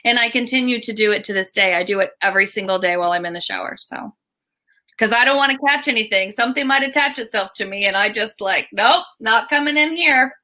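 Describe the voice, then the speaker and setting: A middle-aged woman, a guest author and speaker, telling stories in an online interview, lively and acting out the voices she quotes. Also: medium pitch, quick pace.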